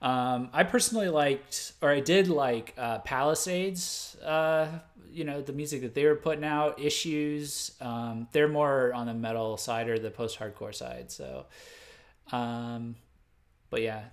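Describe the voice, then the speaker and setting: Brief: man from the States, livestream host, mid-pitched, loose and rambling, corrects himself on the fly. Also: measured pace. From United States. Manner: rambling, full of fillers and self-corrections; laughs at his own mistakes. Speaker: host of a music news livestream. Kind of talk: unscripted livestream commentary.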